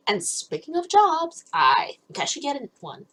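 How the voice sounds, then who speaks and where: Eine junge Frau liest beschwipst ein Visual Novel vor, plaudert locker, kichert viel und schweift ab. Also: female voice, sits high, fairly bright tone, poor audio. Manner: giggly, rambling. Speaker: let's play host. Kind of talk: tipsy casual game reading.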